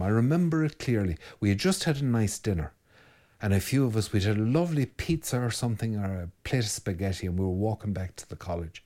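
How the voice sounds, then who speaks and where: A middle-aged Irish priest in casual monologue, answering viewer comments as an animated storyteller with musing asides. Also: male voice, on the low side. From Ireland.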